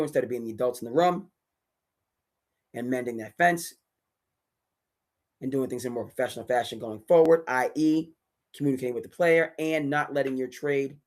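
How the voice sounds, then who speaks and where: A sports talk host delivers an animated, emphatic rant, his voice sitting at an ordinary middle pitch. He talks to viewers in a loose, streetwise way and often jumps to sudden loud bursts. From New England. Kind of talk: solo sports talk livestream.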